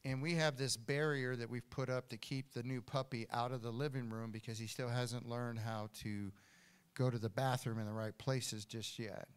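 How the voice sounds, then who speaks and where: An older man preaching a sermon as pastor in a church, swinging from hushed storytelling to loud declarations. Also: medium pitch, steady tone, normal speed, clean tone. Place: church hall.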